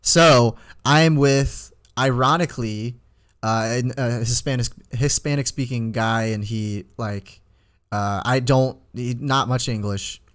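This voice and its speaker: Speaking slowly in a mid-range voice, a man in his twenties co-hosts a podcast and tells a long, rambling story in casual chat. He restarts often and gets animated whenever he quotes himself.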